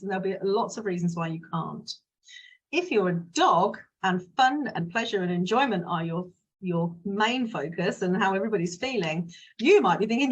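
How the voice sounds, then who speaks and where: Husky-voiced woman coach chatting. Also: mid-range voice, lively intonation, normal speed, fairly bright tone, highs cut off. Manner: chatty, frank, digressive. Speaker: business mindset coach. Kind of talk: casual solo talk to viewers.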